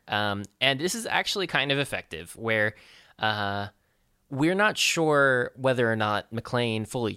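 A man's voice: medium pitch, bright, forceful tone, no room sound, studio quality. A man co-hosting a podcast, recapping a film in casual chat with many ums and uhs. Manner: halting, filler-heavy recap. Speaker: podcast co-host. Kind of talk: casual movie discussion.

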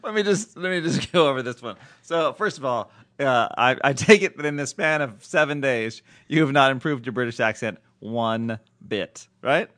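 Podcast host dude, laughs a ton, kinda rambly and self-mocking, dry close sound. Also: male voice, medium pitch, moderate pace, a bit bright, no echo. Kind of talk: casual comedy podcast banter.

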